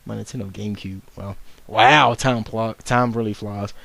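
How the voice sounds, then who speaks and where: A man's voice: fairly low pitch, steady tone, normal speed, creaky, a bit bright, no room sound. A young man giving casual unscripted video commentary, rambling and swearing, with frequent stumbles and restarts as he mocks himself.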